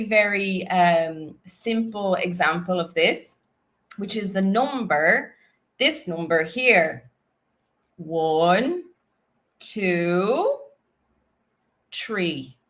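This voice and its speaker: A woman's voice: mid-range voice, takes it slowly, fairly bright tone. An Irish woman, an English teacher, explaining pronunciation in an online lesson, repeating words and often checking with okay. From Ireland.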